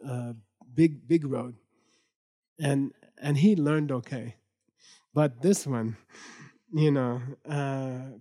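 A man's voice: mid-range voice, slow pace, long pauses, mellow. A man teaching a Buddhist text aloud. He reads passages in another language, explains them in plain speech, often repeats himself, and keeps checking in with his listeners. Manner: laughs at times and tells the story with humor. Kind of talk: lecture reading a Tibetan text aloud and explaining it line by line.

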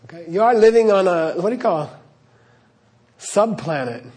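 A man's voice: high-pitched, expressive, moderate pace, darkish tone. A man giving an earnest spiritual talk to an audience, often checking in with "okay?" and laughing as he tells stories. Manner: earnest, repeats "okay?", laughs while storytelling. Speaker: spiritual teacher.

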